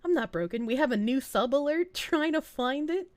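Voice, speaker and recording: A woman's voice: high voice, lively intonation, moderate pace, dry recording. A woman streamer chatting casually and rambling on a live stream, laughing often between lines.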